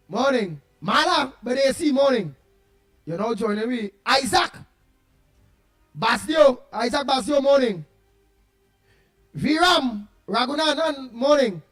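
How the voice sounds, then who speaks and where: A Trinidadian man hosting a casual morning talk show, telling jokes in an animated way and greeting listeners by name. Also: very high voice, takes it slowly, pauses often, faint music behind. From Trinidad and Tobago. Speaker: radio show host.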